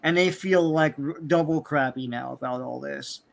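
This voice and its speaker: Host brief: chatty man with a slightly high voice, rambling comic recap full of ums and likes. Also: moderate pace, vocal fry. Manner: rambling, many fillers, acts out characters' lines. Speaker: podcast host. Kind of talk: casual comic book recap chat.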